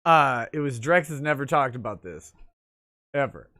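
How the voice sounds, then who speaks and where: A man's voice: mid-range voice, expressive, normal speed, pushed and bright. A man hosting a casual livestream talk show, wry and easygoing, often chuckling. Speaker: host.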